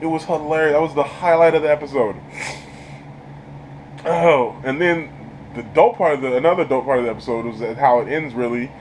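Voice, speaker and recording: A man's voice: medium pitch, brisk, a little hiss or hum, rough recording. A man giving a casual, enthusiastic spoken review of a TV episode, rambling and laughing often. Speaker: YouTube show reviewer.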